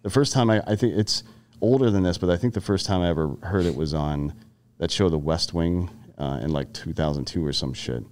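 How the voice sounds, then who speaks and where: Deep-voiced blunt, profane veteran man. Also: fairly quick, a little mellow. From Carolinas, US. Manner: blunt, profane, storytelling with frequent restarts. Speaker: podcast guest, army veteran. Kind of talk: casual podcast conversation.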